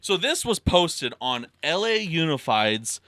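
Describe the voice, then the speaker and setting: Young guy cohosting a podcast, swears a lot, bright bouncy voice, dry close sound. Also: fairly high pitch, sing-song, unhurried, vocal fry, no room sound. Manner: profane, swings from loud outbursts to mumbling. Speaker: podcast co-host. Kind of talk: casual chat.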